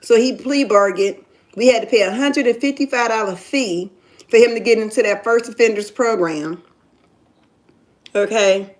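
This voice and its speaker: A woman's voice: on the high side, normal speed. A middle-aged woman telling her own story in casual talk, emphatic and often checking that the listener understands. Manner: emphatic, keeps asking "you understand?". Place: in Ohio.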